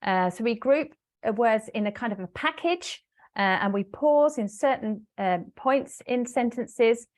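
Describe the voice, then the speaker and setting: A woman business English trainer giving an online webinar, explaining step by step with frequent fillers and pauses. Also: a little high, lively intonation, darkish tone. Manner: hesitant fillers, explanatory, talks to a live audience.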